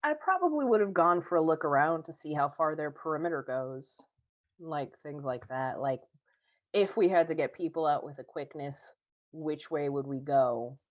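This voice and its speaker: A woman with a very low voice plays in a tabletop game, pressing for details on guards, crates and escape routes. Her voice comes through muffled, with dull lo-fi sound. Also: expressive, moderate pace. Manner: inquisitive, asks planning questions. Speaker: player. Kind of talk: tabletop role-play chat.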